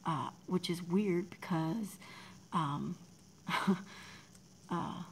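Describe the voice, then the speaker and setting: A woman's voice: on the low side, extremely slow, slight background noise, low-quality recording. A Texan woman from Texas chatting casually with her livestream viewers, rambling, reading the chat aloud and laughing often. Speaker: livestream artist.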